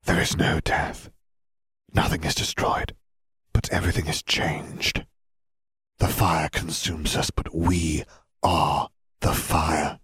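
A man voicing a cold, calm male dark wizard who speaks in a soft whisper. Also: rumbling low, slow pace, long pauses, husky, dry recording, clean studio sound, full character voice. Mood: solemn.

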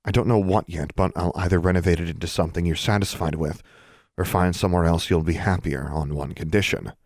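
A man voicing a determined young woman who speaks firmly and in a measured way, close to his own low voice. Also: steady tone, creaky, a little mellow, no echo. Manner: firm, measured, near the reader's own voice.

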